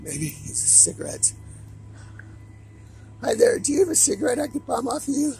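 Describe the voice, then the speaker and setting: A man vlogging an agitated, profanity-laden monologue to camera in a raspy voice. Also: very high-pitched, big pitch swings, normal speed, warm tone, slight background noise, low-quality recording.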